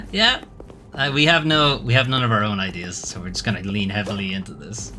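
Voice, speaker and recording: A man's voice: lowish voice, normal speed, music in the background. A man streaming a game demo, giving casual commentary full of sarcastic, wry asides.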